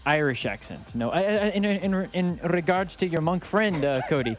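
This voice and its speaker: A man's voice: on the high side, expressive, moderate pace, music in the background. A man co-hosting a sports radio show, reading golf updates and joking with his co-hosts. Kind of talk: casual sports radio chat.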